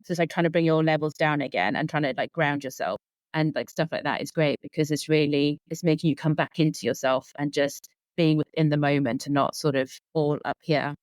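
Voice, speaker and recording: A woman's voice: sits low, steady tone, a little fast, a little mellow, no echo. A woman in her thirties, a sleep consultant guest on a podcast, talking earnestly and rambling with lots of filler words. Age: 30s. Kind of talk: casual conversational interview.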